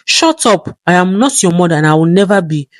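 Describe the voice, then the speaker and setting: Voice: mid-range voice, lively intonation, fairly quick, dry recording, close to an everyday voice. A cruel, scheming woman talks down to her captive with harsh contempt, voiced by a storyteller. The reading stays close and dry. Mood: contemptuous.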